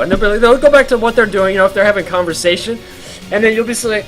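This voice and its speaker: A man's voice: high-pitched, fast talker, soft background music. A man streaming a game while telling a rambling story, full of fillers and laughs.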